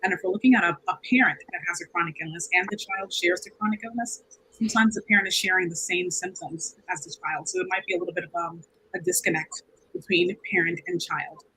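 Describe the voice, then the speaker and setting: A woman therapist explaining on a panel, soft-spoken and measured. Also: on the low side, fairly even intonation, breathy edge, poor audio.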